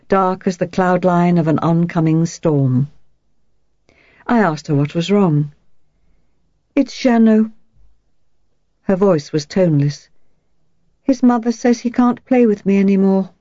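Woman narrating a book, low-ish mellow voice, calm and reflective, kinda dull dry recording. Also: no room sound. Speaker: audiobook narrator. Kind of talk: scripted first-person narration.

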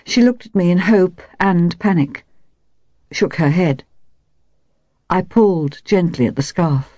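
Woman narrator, audiobook, low mellow voice, calm and measured, dull dry recording. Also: no room sound. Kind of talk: scripted first-person narration.

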